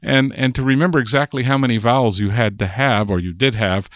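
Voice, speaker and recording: A man's voice: mid-range voice, steady tone, brisk, a bit bright, no room sound, studio quality. An older American man, a linguist, explaining ideas in a podcast interview, thoughtful and chatty with restarts. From United States. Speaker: linguist guest.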